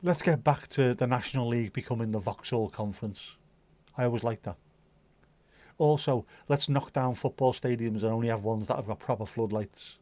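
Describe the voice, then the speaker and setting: A middle-aged man chats through a livestream, rambling from one topic to the next. His talk is loose and sweary, full of banter for the viewers. His pitch sits in the middle range. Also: moderate pace, warm tone, dry recording. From Liverpool, England. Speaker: livestream host. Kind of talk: casual chat reading viewer comments.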